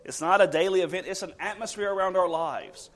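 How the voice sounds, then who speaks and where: A high-voiced man delivers a sermon to his congregation, posing rhetorical questions. His lines swing between loud, emphatic bursts and soft, slowed passages.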